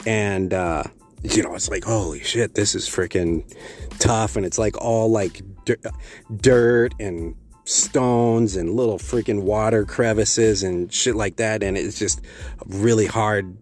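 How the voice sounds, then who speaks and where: Deep-voiced man telling a rambling story. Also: slow pace, darkish tone, faint music behind. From Texas. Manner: rambling, profane, many fillers and restarts. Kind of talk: casual spoken storytelling.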